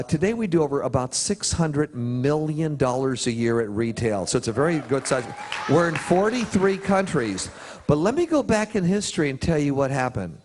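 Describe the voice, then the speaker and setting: In a prison chapel or hall, a man speaks at a motivational seminar. He tells a story, pausing for emphasis while his pitch swings in lively ways.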